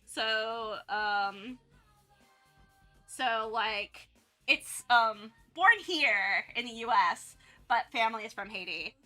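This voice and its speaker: A woman's voice: a little high, slow, sharp tone, soft background music. A young woman from North Carolina chatting casually on a livestream, rambling with lots of restarts and fillers. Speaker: art streamer.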